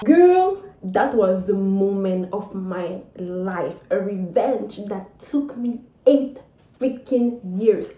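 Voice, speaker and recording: A young adult woman telling a personal story to camera in a chatty, dramatic way, with lively asides. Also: mid-range voice, takes it slowly, reverberant, a little hiss or hum, low-quality recording. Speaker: vlogger.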